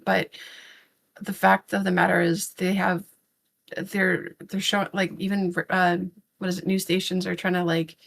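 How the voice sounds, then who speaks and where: A woman with a low voice and a gravelly, fry-edged tone, talking through a loose podcast chat. She rambles, circles back over her own words and drops casual swears in blunt frustration. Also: flat delivery, normal speed. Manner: rambling, with many fillers and restarts. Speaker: podcast co-host.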